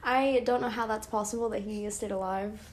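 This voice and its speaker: A woman's voice: medium pitch, steady tone, fairly quick, poor audio. A young woman co-hosting a podcast in casual chat, asking curious, incredulous questions. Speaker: podcast co-host.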